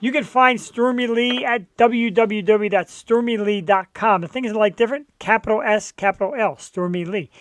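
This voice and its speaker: Loud jokey male talk show host. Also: high voice, moderate pace, few pauses, no echo. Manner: loud, jokey, laid-back. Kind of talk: casual talk show chat.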